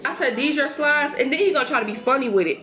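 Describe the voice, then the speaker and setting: A young woman vlogger casually telling a storytime to her viewers while getting ready, chatty and animated. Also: high-pitched, racing.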